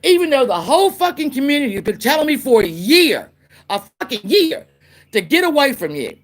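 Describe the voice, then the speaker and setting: A YouTuber with a high-pitched voice rants on her livestream, fairly quick and very animated. She's angry, profane, and confrontational, repeating lines for emphasis.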